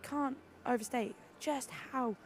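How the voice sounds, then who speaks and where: A woman doing live sports commentary, excitable and gushing, with lots of fillers and restarts. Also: high-pitched, takes it slowly. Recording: busy venue noise behind.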